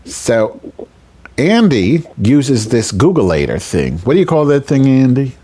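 A man's voice: mid-range voice, big pitch swings, unhurried, mellow, breathy edge. A man hosting a show, telling a raunchy comic story in a rambling, self-interrupting way. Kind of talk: crude comedic storytelling.

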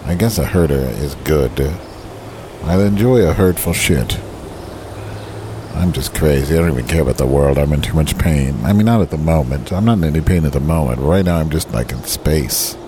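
Deep-voiced man grumbling and swearing outdoors. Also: brisk. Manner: profane, grumbling, self-pitying. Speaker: vlogger. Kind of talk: rambling outdoor vlog rant. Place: outdoors on a park bench. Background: birds and passing traffic.

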